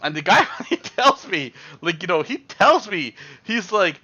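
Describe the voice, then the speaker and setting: Young guy rambling thru a story on stream, lots of um and like, bright kinda lo-fi sound. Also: a little high, moderate pace, few pauses. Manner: rambling, animated, lots of fillers and acted-out quotes. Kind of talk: casual storytelling on a live stream.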